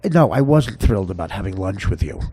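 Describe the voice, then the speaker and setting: A man's voice: low-pitched, big pitch swings, a little fast, dark tone, slight background noise. A podcast host telling a comic story in a rambling way, often laughing at his own tale.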